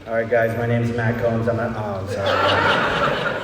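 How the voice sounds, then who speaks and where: A man's voice: mid-range voice, monotone, normal speed. A young man from El Paso tells his recovery story at a meeting in a loose, candid way, often checking in with "right?" and "you know". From El Paso, Texas. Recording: echoey hall, distant mic, faint background noise.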